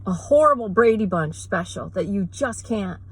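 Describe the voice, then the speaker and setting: A woman vlogger ranting sarcastically in a rambling, mocking way, with quick asides. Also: medium pitch, animated, slightly rough, low-quality recording. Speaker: mother. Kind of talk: sarcastic comedic rant.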